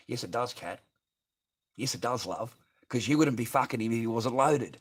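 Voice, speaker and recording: A man's voice: mid-range voice, animated, moderate pace, slightly rough. An Australian man livestreaming, ranting bluntly and profanely as he reads viewer comments aloud and answers them. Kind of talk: ranting live stream chat.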